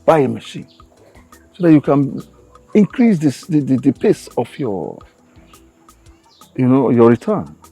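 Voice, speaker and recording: A man's voice: mid-range voice, sing-song, unhurried, long pauses, husky, soft background music, exaggerated voice, low-quality recording. An actor with a Nigerian accent playing a concerned father urging his son to stay safe. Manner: gentle, concerned. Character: caring elderly father. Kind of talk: film drama acting.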